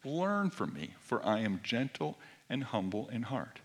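A middle-aged man preaching a sermon, moving between soft near-whispered lines and forceful emphatic passages. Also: mid-range voice, very animated, measured pace. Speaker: pastor.

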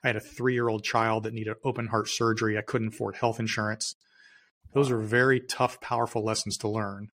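A middle-aged man speaks as a podcast guest in a fairly low voice. He tells his story with emphasis and circles back on his key phrases. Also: little pitch movement, a little fast, fairly bright tone, slight background noise. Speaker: guest entrepreneur. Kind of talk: storytelling interview answer.

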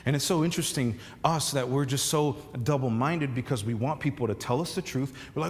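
A man preaching in a relaxed, storytelling way, often restarting his sentences as he goes. His voice sits a little higher than most men's, and it rings out with a long reverb from the church sanctuary around him. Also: brisk, few pauses. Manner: conversational storytelling preacher, many restarts and fillers. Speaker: pastor. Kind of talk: sermon.

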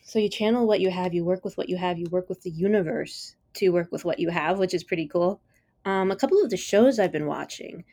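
A woman's voice: on the low side, brisk, dark tone, no room sound, studio quality. A woman hosting her own podcast, chatting on her own in a rambling, enthusiastic way with lots of "like" and "you know.". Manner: enthusiastic, easily amused. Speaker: podcast host. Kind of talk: casual solo chat.

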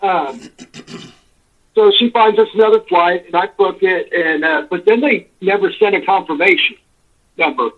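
The caller is a man whose voice sits high and whose delivery is unhurried. Heard over a tinny phone connection, he spins a long, meandering complaint, cursing freely in exasperation.

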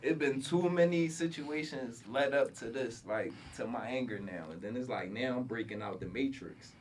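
A man's voice: medium pitch, normal speed, distant mic, a little hiss or hum. A man talks in a blunt, fired-up way, full of slang and swearing. His voice sits a little back from the mic, as in a casual podcast. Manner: heated, blunt, slangy and profane. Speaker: podcast host. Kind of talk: casual interview chat.

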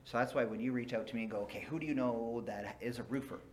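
A man's voice: mid-range voice, steady tone, fast, a little mellow, slight background noise. Earnest man speaking as a podcast guest. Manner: earnest, explains with everyday examples. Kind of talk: casual interview chat.

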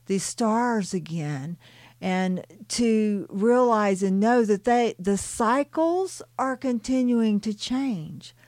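A woman reading a channeled spiritual story aloud and adding her own reflective, soft-spoken commentary with light laughs. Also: mid-range voice, no room sound, clean studio sound.

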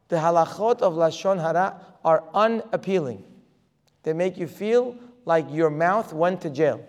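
A man's voice: on the high side, expressive, moderate pace, darkish tone. A man giving a religious lecture as a Torah teacher, emphatic and full of rhetorical questions. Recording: long reverb of a hall.

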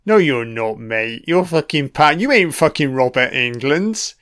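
A man's voice: medium pitch, lively intonation, measured pace, a bit bright. A man giving casual audio commentary on a film, with profane, sardonic running reactions.

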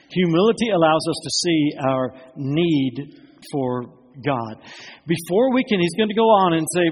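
High-voiced preaching man in a reverberant hall. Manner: earnest preaching, voicing Jesus and Peter with rising pitch. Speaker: pastor. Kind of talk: sermon. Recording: long hall reverb, faint noise.

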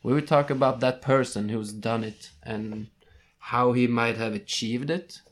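A man's voice: medium pitch, steady tone, unhurried. A young man co-hosting a casual podcast, reading ranking lists and tripping over foreign names. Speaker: podcast co-host.

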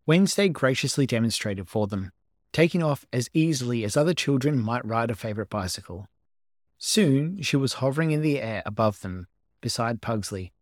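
A man reading a story aloud as an amateur narrator, calm and even. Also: mid-range voice, dry recording, studio quality. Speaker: amateur reader. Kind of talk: audiobook narration of fan fiction.

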